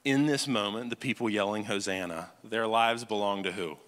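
A man preaching a sermon as pastor, talking conversationally and checking in with listeners. He swings between loud, animated stretches and hushed, quiet ones. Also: fairly low pitch, normal speed, big-room sound. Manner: acts out quoted voices, swings from loud to hushed. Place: church sanctuary.

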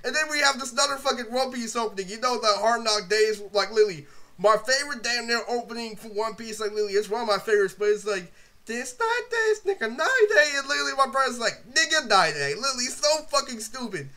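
A young man with a high, piercingly bright voice rants through a casual vlog. He rambles and swears constantly and leans on filler words. His storytelling is animated and loose. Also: fast talker. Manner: animated, breaks into laughter and quoted impressions. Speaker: vlogger. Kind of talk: casual profane storytelling rant.

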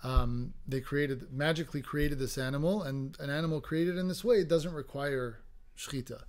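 A man with a slightly higher voice joins a Torah study discussion, retelling and explaining a story in a quick, conversational way. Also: a little mellow. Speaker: study partner.

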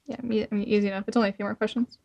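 A woman playing a tabletop game, chatting in a bright way and laughing often. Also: medium pitch, flat delivery, very fast, creaky, dull audio, slight background noise. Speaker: player. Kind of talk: casual chat in a tabletop game.

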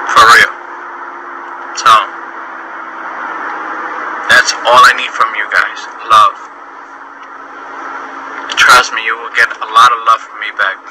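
Young male streamer, tired, effusive and repetitive, bright forceful voice, phone mic in a moving car. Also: mid-range voice, a little hiss or hum, low-quality recording. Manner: switches between English and Spanish mid-sentence; effusive, repeats phrases. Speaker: livestreaming artist. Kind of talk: casual livestream talk to fans. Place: in a car while driving.

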